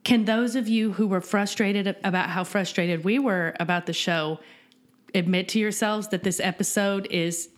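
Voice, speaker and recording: A woman's voice: mid-range voice, fairly even intonation, moderate pace. Casual podcast co-host, a woman, chatty, laughing, recorded at home. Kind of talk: casual chat. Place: home, cat nearby. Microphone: desk recorder.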